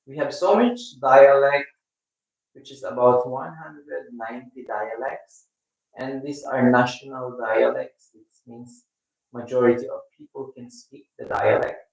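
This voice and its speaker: A man with a Filipino accent hosting a casual live stream, chatting with viewers in a rambling, halting way. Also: mid-range voice, steady tone, creaky, dull audio. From Philippines. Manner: rambling, halting, with many restarts. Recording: echoey room, mic at a distance.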